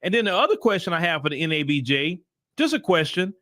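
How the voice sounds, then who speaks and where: A man's voice: high-pitched, very animated, quick pace, a bit bright, dry recording, clean studio sound. A man hosting his own channel, giving opinionated political commentary in blunt, casual talk and repeating his points for emphasis. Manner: casual vernacular talk to viewers.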